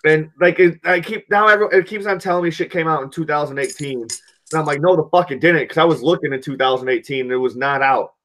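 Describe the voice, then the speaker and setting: A podcast host chatting casually about a movie, rambling excitedly and swearing a lot. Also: male voice, fairly high pitch, fast talker. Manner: excited, profane, rambling recap.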